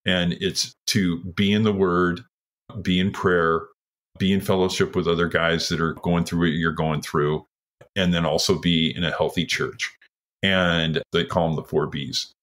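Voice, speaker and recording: This man in his sixties, a retired firefighter from Washington State, talks a little slowly in a low-pitched, steady, slightly bright voice. Earnest in his interview, he plays out others' words while telling his story.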